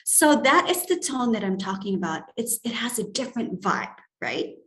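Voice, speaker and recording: A woman's voice: fairly high pitch, very animated, normal speed, a bit bright, roomy sound. A woman from Indonesia, giving a lecture on speaking skills and shifting her tone to demonstrate examples. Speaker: etiquette trainer and guest lecturer.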